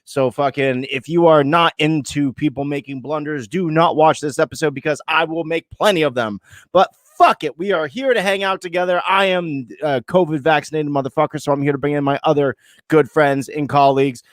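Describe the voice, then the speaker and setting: A man's voice: fairly high pitch, a little fast, dry recording, clean studio sound. A man hosting a casual online show, joking and swearing freely. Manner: profane, joking, lively. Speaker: host. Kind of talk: casual podcast banter.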